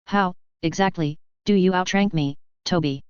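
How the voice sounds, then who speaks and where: A woman's voice: lowish voice, moderate pace, clean tone, no room sound, lightly acted. A woman reading the lines of a cold, resentful young female assistant with an icy, clipped manner. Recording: dull, muffled recording.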